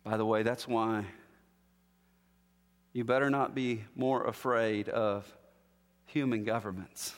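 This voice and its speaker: A man preaching an expository sermon, emphatic, dropping low and slow on key phrases. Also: fairly even intonation. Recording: long hall reverb.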